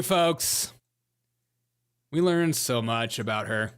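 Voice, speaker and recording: A man hosting a live online show, giving loud, mocking political commentary and laughing often. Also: mid-range voice, lively intonation, slow, clean tone. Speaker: livestream host.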